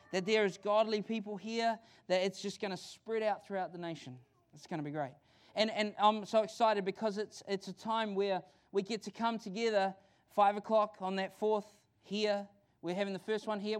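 A man with a New Zealand accent preaching a sermon in a church, excited and conversational, often restarting his sentences. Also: high voice, clear, resonant tone. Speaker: pastor.

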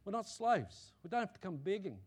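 A male pastor preaching to his congregation, swinging between loud emphatic declarations and quiet asides, often repeating himself and checking that listeners are with him. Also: sits high, very animated, fairly quick, breathy edge. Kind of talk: sermon. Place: church.

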